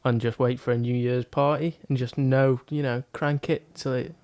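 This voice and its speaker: A man's voice: medium pitch, little pitch movement, normal speed, a little mellow, no room sound. A man co-hosting a podcast, chatting casually in a laid-back, joking, sweary way. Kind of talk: casual chat.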